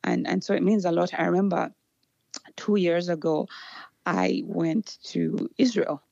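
A Ugandan woman with a low, gravelly voice tells a story in a casual interview. She is animated, laughs often and restarts her sentences, and the recording sounds dull and dry. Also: unhurried, no echo. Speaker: guest.

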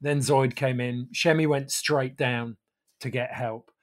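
A man calmly telling a casual story in a matter-of-fact way, often dropping into quiet asides. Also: medium pitch, a little slow.

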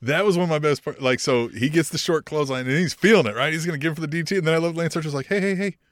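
A man co-hosting a casual podcast, animated, swearing freely and breaking into laughter as he acts out other people's lines. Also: a little high, rapid-fire, no echo, studio quality. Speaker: podcast co-host.

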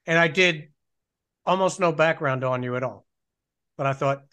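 A middle-aged man hosts a casual podcast, rambling through stories with self-mocking humor. His voice sits a little higher than most men's. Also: moderate pace, pushed and bright, clear, resonant tone. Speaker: podcast host. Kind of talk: casual storytelling and show intro.

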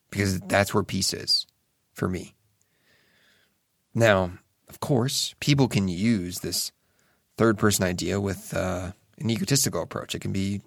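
Man, young adult, low gravelly voice, earnest reflective monologue, casual swearing, dry close sound. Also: no room sound. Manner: earnest, musing, casual swearing, many restarts. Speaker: solo speaker.

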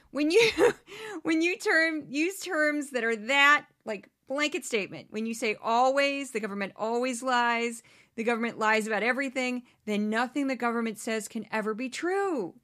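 A woman hosting a political commentary podcast, talking in a sarcastic, animated way and mocking the people she quotes. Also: fairly high pitch, normal speed. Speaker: podcast host. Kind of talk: opinionated commentary.

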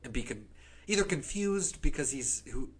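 A man's voice: medium pitch, lively intonation, normal speed, husky. A man co-hosting a casual chat, sarcastic and joking, sometimes slipping into silly voices. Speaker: podcast co-host.

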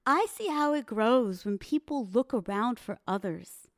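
Slow, earnest woman podcaster. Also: fairly high pitch, lively intonation, no echo, studio quality. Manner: earnest, addresses the listener directly. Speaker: podcast host. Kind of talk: reflective storytelling monologue.

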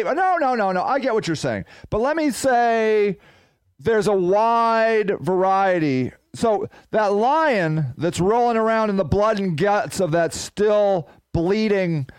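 Animated high-voiced male podcast host. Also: smooth, dry recording. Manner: animated, rambling, playful storytelling. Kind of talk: casual solo podcast chat.

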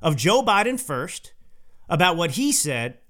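A man with a noticeably high voice hosts his own podcast. He delivers a political opinion monologue in an emphatic, indignant tone and repeats his points for stress. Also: very animated, measured pace, a bit bright. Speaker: podcast host.

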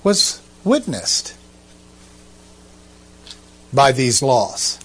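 A man's voice: mid-range voice, sing-song, drawn-out words, fairly bright tone, slightly rough. A man giving conversational Bible teaching, asking rhetorical questions and making asides to his listeners.

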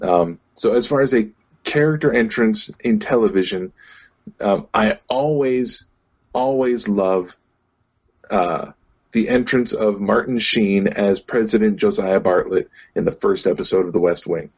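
Hesitant casual talker, low husky voice, lo-fi recording. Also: male voice, unhurried. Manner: hesitant, filler-heavy. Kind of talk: casual podcast chat.

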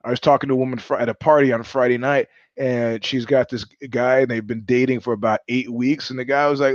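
A man's voice: medium pitch, steady tone, fairly quick, dry recording, lo-fi sound. A middle-aged man from New York hosting a live-streamed show, telling stories in a blunt, profane, sardonic monologue. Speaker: host.

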